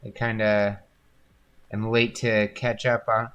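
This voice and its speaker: A man's voice: lowish voice, flat delivery, takes it slowly, a bit bright, clear, resonant tone. A man hosting a painting livestream, chatting casually and rambling, with frequent laughs. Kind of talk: casual chat while painting.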